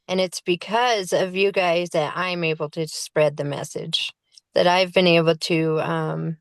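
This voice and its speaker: A woman's voice: lowish voice, no echo, clean studio sound. A woman giving a personal recovery share at a meeting, eager but hesitant with fillers. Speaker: meeting attendee sharing.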